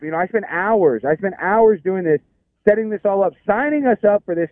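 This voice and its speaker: Guy on a phone line venting, rambly and fed up, kinda high voice, no room sound. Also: animated, fairly quick, dry recording. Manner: rambling, exasperated, many restarts. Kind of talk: casual storytelling.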